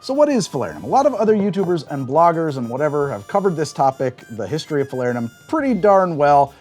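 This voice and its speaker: A man hosting a cocktail show, explaining a drink's history in an animated storytelling way and describing flavors aloud as he tastes. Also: fairly high pitch, fast talker, faint music behind. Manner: animated storytelling with big swings in emphasis. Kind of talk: conversational explainer.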